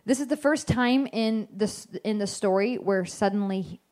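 A woman's voice: medium pitch, normal speed, a little mellow. A woman giving an informal devotional Bible teaching, chatty and self-correcting, often acting out the lines she quotes.

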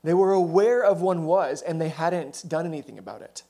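Guy preaching a sermon, kinda higher voice, chatty storytelling, lots of little asides. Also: fairly quick, mellow. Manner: conversational storytelling with asides and self-corrections.

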